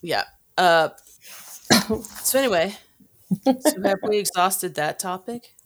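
A woman's voice: medium pitch, expressive, takes it slowly, a little hiss or hum. A woman hosting a podcast in casual chat, meandering with many fillers. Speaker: podcast host.

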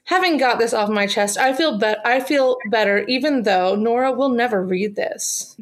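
A woman's voice: fairly high pitch, moderate pace. A woman co-hosting a casual book chat, rambling with lots of fillers. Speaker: book podcast co-host.

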